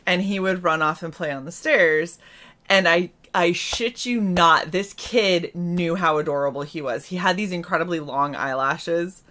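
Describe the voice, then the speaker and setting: A woman's voice: on the low side, a little slow. A woman co-hosting a casual stream, telling stories with lots of laughter and acted-out voices. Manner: animated storyteller, laughs often, acts out voices. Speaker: stream co-host. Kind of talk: casual chat.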